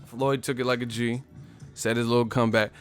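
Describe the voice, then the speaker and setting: A man hosting a boxing live stream in casual chat, animated, swearing freely and laughing a lot. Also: mid-range voice, fairly quick, soft background music.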